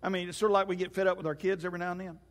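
A man's voice: high voice, level tone, very fast. A man preaching a sermon as pastor in a church, folksy and joking as he tells stories. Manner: folksy storytelling with jokes. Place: church sanctuary. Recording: long hall reverb.

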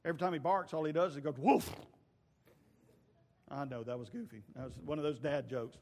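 A man's voice: fairly high pitch, quick pace. Preaching man in a reverberant church. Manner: storytelling preacher acting out voices, shouting at peaks. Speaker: pastor. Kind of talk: sermon. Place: church sanctuary.

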